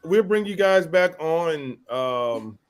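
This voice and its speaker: A man's voice: fairly high pitch, animated, slow pace, clear, resonant tone. A man co-hosting a casual fan chat, asking questions and repeating himself while he plans ahead. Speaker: co-host.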